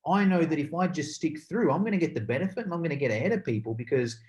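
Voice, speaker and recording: A young adult man hosting a podcast interview in an excitable, rambling way with lots of fillers. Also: on the high side, racing. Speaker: podcast host. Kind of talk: casual interview chat.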